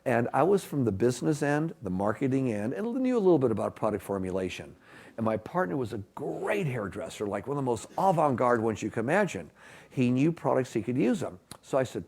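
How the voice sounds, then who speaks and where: A middle-aged man gives a conference keynote into a stage microphone, telling his story with a lively, rising and falling pitch. He slips into quoted dialogue as he goes, and his voice sits at an ordinary middle pitch for a man. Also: brisk, vocal fry, husky. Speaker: keynote speaker.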